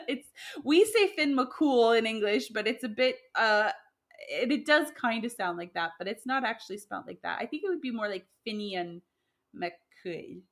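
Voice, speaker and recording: A woman's voice: a little high, lively intonation, moderate pace, fairly bright tone. A woman co-hosting a podcast, chatting casually about old stories, with lots of fillers, restarts and laughter. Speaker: podcast co-host sharing myths. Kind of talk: casual conversational chat.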